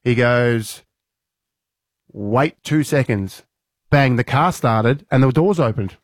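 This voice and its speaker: Excitable Australian man telling a story. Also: mid-range voice, takes it slowly, dry recording, studio quality. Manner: lively, acts out his own lines in a raised voice. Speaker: radio co-host. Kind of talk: animated storytelling on radio.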